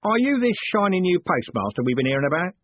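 Brief: man as a burly hot-tempered coachman, gruff working-class bluster, tinny husky sound. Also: sits high, sing-song, quick pace, dry recording, voice pushed up. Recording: phone-like dry audiobook sound.

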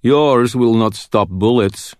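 A man voicing a devout, calm male knight who speaks slowly and earnestly in an audiobook. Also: medium pitch, no room sound, clean studio sound, voice pushed up, natural voice.

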